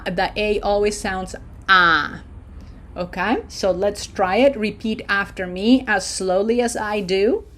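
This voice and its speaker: A woman teaching a language lesson, modeling words slowly for repetition and checking in with frequent "okay?". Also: medium pitch, a bit bright. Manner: patient, drawn-out model phrases for repetition. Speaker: Spanish teacher. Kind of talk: slow pronunciation lesson.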